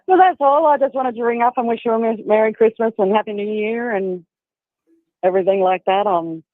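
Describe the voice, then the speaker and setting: A woman's voice: fairly high pitch, brisk, dry recording. A woman from Australia with an Australian accent, calling in to a show and chatting casually, laughing often. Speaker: caller. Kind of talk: casual phone call. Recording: tinny phone line.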